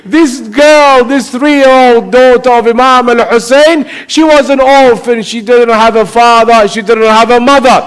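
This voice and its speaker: A male preacher gives a mourning sermon in an emotive, repetitive storytelling manner. His voice is very high for a man and smooth. He speaks very slowly. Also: fairly even intonation, poor audio.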